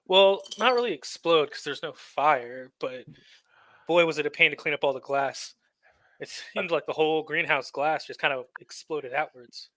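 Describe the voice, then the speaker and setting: A man's voice: fairly high pitch, normal speed, bright, forceful tone, no room sound. A man in a tabletop game speaking in character with a casual, offhand manner. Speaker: player. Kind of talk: in-character tabletop role-play.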